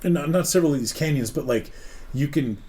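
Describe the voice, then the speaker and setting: A man's voice: on the high side, fast, darkish tone. A man from Oregon telling a story in a casual, rambling, profane way, full of "like" and "dude". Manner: rambling, profane, laid-back, many "like"s and "dude"s. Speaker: podcast co-host.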